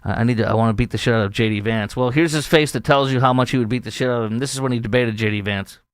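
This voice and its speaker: A man's voice: medium pitch, racing, smooth, no echo. A middle-aged man from the Chicago area hosting a podcast, talking through news stories in a chatty, storytelling way. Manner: chatty, animated storytelling with acted-out quotes. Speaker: podcast host. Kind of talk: opinion talk show monologue.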